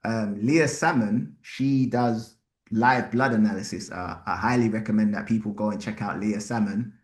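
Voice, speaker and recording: A man hosting a live podcast, talking bluntly and with animated slang. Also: on the low side, normal speed. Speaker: podcast host. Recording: roomy echo.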